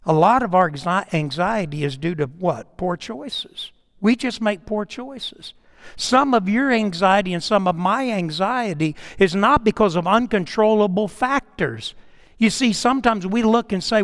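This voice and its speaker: Man, middle-aged, pastor, sermon, high-pitched, animated, repeats words. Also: normal speed. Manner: animated, addresses listeners by name, repeats words.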